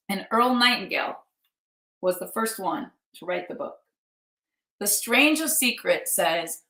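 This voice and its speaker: A woman's voice: medium pitch, bright, forceful tone. A middle-aged woman speaking with a mid-range voice, earnest and emphatic as she coaches her viewers. She acts out quoted messages in short bursts. The sound comes back off the walls of an echoey room. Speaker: host and business coach. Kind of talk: motivational talk to viewers.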